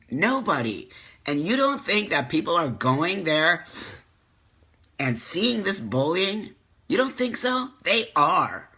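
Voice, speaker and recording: Middle-aged guy on a live webcam stream, husky and bright, fired up and repeating himself. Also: on the high side. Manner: impassioned, emphatic repetition. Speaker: host. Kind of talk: live stream chat, reading comments.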